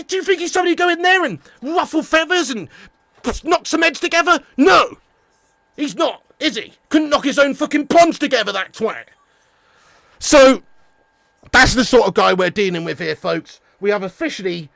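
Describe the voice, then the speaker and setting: High-pitched, gravelly man ranting. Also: lively intonation, a little fast, no echo. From England. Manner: loud, swearing, blunt. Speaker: livestream watch-along host. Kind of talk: sweary live-stream rant and chat.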